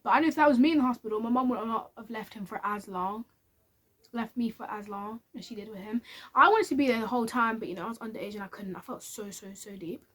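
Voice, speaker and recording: A woman's voice: a little high, husky. A woman telling a candid personal story to camera in a chatty, casual way. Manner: chatty and candid, with many fillers. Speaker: vlogger.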